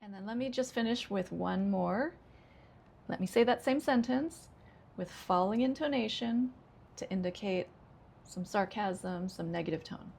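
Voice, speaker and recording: An American woman who teaches English as a second language, speaking each model sentence slowly and with exaggerated intonation. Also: mid-range voice, gravelly, a little mellow, slight background noise. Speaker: ESL teacher. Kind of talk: pronunciation lesson.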